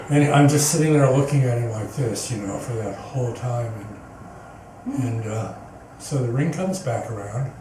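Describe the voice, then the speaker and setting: A man's voice: mid-range voice, a little slow. Earnest man telling stories in an echoey hall. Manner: earnest, rambling, with frequent restarts. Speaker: guest speaker at a spiritual center. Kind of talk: personal storytelling talk. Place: meeting hall, indoors. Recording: echoey hall, distant mic, background noise.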